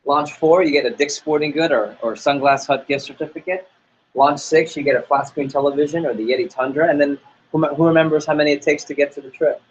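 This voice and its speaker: A man's voice: on the high side, steady tone, fast, dull audio, slight background noise. A man leading a sales team training talk, upbeat and motivational, acting out little dialogues as he goes. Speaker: sales office manager.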